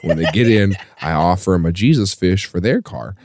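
A man hosting a podcast, telling a funny story in a loose, animated way and laughing often as he goes. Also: sits low, a little fast, noisy background. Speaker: podcast host. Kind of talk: comedic storytelling.

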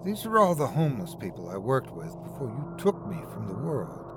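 A man voicing a vengeful female ghost who speaks in a low, hushed, accusing way. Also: sing-song, brisk, noisy background, close to an everyday voice.

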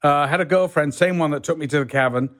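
An older English man with a soft northern Yorkshire accent, a guest actor telling rambling stories in casual chat, full of "you know"s. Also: fairly high pitch, fast. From England. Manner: rambling storyteller, many "you know"s, does voices in quotes.

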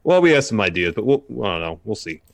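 A man's voice: fairly low pitch, sing-song, fast. A man co-hosting a casual live show, trading dry jokes and opinions. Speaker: podcast co-host. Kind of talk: casual chat.

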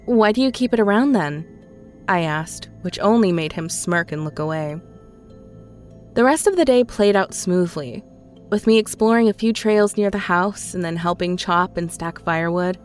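A woman calmly narrating a scripted horror story in a measured storytelling voice. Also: lowish voice. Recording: faint music underneath.

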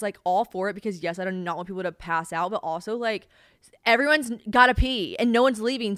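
A young adult woman hosting a podcast, telling a story in casual, profane, animated chat. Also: mid-range voice, clean tone, no echo, studio quality. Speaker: podcast host.

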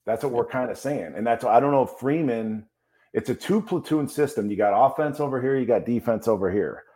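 A man's voice: mid-range voice, lively intonation, brisk, mellow. Brief: fired-up male football pundit, ranting co-host. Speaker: co-host, former player. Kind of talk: heated sports talk.

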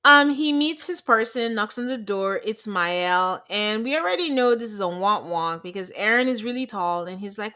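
An American woman co-hosting a casual chat, recapping a reality show in an animated way and acting out quotes. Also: medium pitch, moderate pace, hardly any pauses. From United States. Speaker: podcast co-host.

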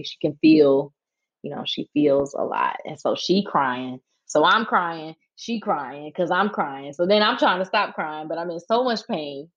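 A woman with a fairly low voice tells her story as a podcast guest, frank and animated, with casual slang. The audio sounds a little dull and lo-fi. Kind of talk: candid storytelling in a casual interview.

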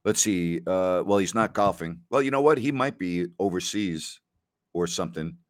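Male host with a lowish voice, rambling and repetitive, dry close sound. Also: lively intonation, normal speed, dry recording. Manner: rambling storyteller who repeats phrases and laughs often. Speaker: podcast host. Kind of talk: casual solo chat answering listener questions.

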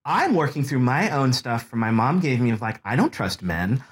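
A man's voice: mid-range voice, big pitch swings, moderate pace. A man in his thirties, a podcast guest, candidly telling a personal story, earnest and emotional, rambling with restarts. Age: 30s.

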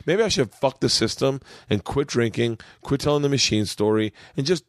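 A man's voice: mid-range voice, expressive, normal speed, dry recording. An American man hosting a podcast from his home studio, chatting casually, joking and swearing often. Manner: profane, joking, rambling. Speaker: podcast host. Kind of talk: casual chat.

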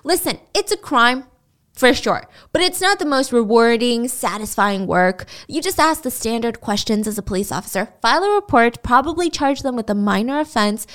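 A woman's voice: a little high, lively intonation, normal speed, a bit bright. A woman podcast host telling a story in a chatty, casual way. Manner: chatty, laughs while telling.

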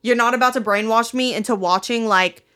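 A young woman with a bright, higher voice chats on a podcast. She is blunt and quick to rant, and she swears freely. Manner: blunt, swearing, laughs a lot, ranting. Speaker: podcast co-host. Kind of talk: casual chat.

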